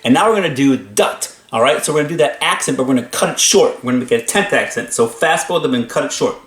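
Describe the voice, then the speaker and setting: A man's voice: medium pitch, very fast, fairly bright tone, soft background music. A man teaching string bowing exercises, talking between demonstrations and counting aloud as he plays. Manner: upbeat, talks between playing, counts aloud. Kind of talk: instrument lesson demonstration. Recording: echoey room with violin playing. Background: violin playing.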